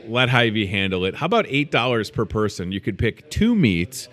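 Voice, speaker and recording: A man's voice: fairly low pitch, sing-song, normal speed, fairly bright tone. A man hosting a store's daily show, chatting casually and joking about food with playful asides. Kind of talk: casual chat.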